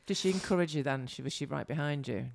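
Mancunian woman host, deep voice with some fry, encouraging. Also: fast talker. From Salford, England. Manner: encouraging, chatty. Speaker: podcast host. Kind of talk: casual interview chat.

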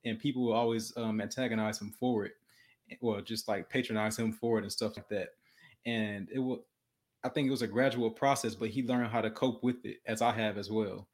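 A young man speaks in a slightly low voice, telling a story at an easy conversational pace. He is earnest and often repeats and restarts words, with the catch of a stammer. It sounds like a relaxed podcast chat. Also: fairly quick. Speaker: podcast guest. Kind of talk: casual storytelling.

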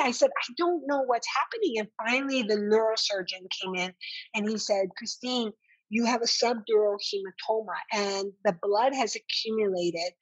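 A woman's voice: fairly high pitch, husky, no room sound, poor audio. A woman in her fifties, a guest in an interview, earnestly retelling a personal experience and voicing her own words from back then. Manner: earnest, animated retelling with quoted dialogue. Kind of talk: emotional personal storytelling.

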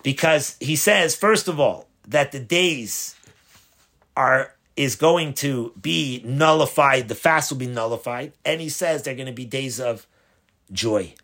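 A man's voice: mid-range voice, measured pace, fairly bright tone. Man, rabbi, Torah class, explanatory, rhetorical questions, rephrasing. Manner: explanatory, asks and answers his own questions; restarts and rephrases mid-sentence. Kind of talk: spoken Torah lesson.

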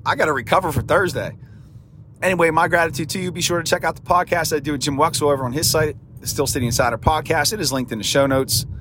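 Hosting a sports commentary podcast solo, a man delivers an emphatic, preachy monologue, repeating words for punch in a strained, damaged voice. It sits on the high side, steady in tone, quick and nearly pause-free, against a noisy background.

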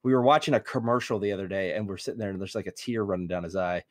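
A man's voice: low voice, very fast, no echo. A man in his thirties co-hosting a podcast, telling stories in a dry, laid-back way. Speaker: podcast co-host. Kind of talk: casual chat.

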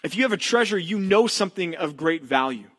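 A young adult male pastor preaching a sermon in a church, telling stories in an animated way and acting out the lines of the people in them. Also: high voice, fast talker. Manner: animated storytelling, acts out characters' lines.

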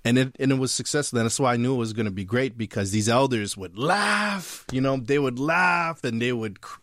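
A filmmaker speaking in an interview, thoughtful and halting, often restarting his sentences. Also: mid-range voice, expressive, a bit bright. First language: not fluent in his heritage language. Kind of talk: interview conversation.

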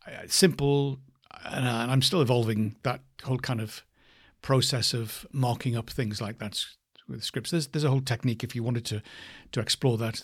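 A man teaching a voice lesson, speaking slowly and thoughtfully and demonstrating different word stress. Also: medium pitch, slightly rough. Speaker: voice coach. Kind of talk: reflective spoken lesson.

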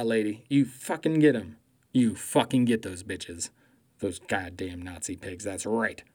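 A man doing a profane comedic political rant, swearing constantly, mocking loudly and laughing at his own jokes. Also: on the low side.

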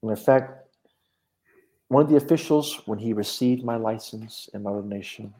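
A minister recounting a personal spiritual experience in conversation, talking earnestly and with animation. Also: male voice, lowish voice, normal speed, dark tone.

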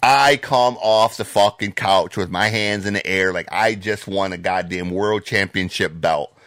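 A man co-hosting a podcast, ranting in a heated, profane way and breaking into loud shouts. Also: low voice, unhurried, no echo. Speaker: podcast co-host.

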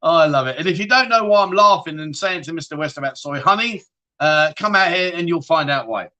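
A man's voice: on the high side, animated, a little fast, bright, forceful tone, muffled recording. A man hosting a casual livestream, reading out viewer comments and bantering with a laugh. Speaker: livestream host.

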